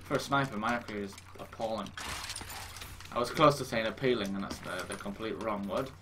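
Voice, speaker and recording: A young man talks casually over his gameplay. He mocks himself, swears freely and lets out sudden exclamations. Game noise sits clearly behind his voice. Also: fairly low pitch. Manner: self-mocking, swearing, quick to exclaim. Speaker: gaming YouTuber.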